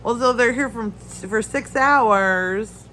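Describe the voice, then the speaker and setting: A woman's voice: fairly high pitch, takes it slowly, bright, forceful tone, slight background noise, rough recording. A woman chatting casually at home, going off on a rambling rant, stuffy-nosed and coughing. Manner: rambling, ranting storyteller. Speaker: crafting channel host. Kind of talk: casual chat while crafting. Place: her home.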